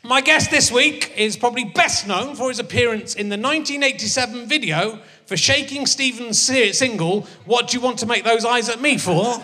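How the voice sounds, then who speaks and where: A man's voice: very high voice, moderate pace, few pauses, bright, forceful tone. A man hosting a live comedy chat show, jokey and teasing, on a handheld mic in a theatre. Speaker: host. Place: theatre stage before a live audience. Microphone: handheld microphone. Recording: reverberant theatre hall.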